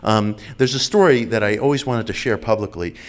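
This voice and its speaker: A man's voice: fairly low pitch, a little fast. A man giving a public lecture in an enthusiastic, wry way, with frequent fillers.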